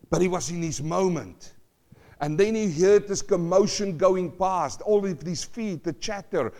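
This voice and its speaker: A male pastor preaching a sermon, swinging from loud cries to hushed asides and asking the congregation questions. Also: fairly high pitch. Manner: repeats phrases, asks the congregation questions.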